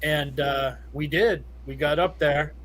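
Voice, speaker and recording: A middle-aged man from Southern California spins a long story on a podcast. His voice sits a bit high and sounds bright and edgy, and he swears almost every other word as he rambles along. He laughs easily as he goes. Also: takes it slowly. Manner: profane, rambling, laughs often. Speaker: podcast guest. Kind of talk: casual storytelling.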